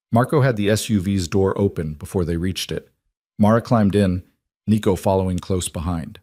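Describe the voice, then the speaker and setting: A man narrating a scripted romance story in a measured, dramatic way. His voice sits on the low side, and the sound is dry and close. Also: warm tone, dry recording.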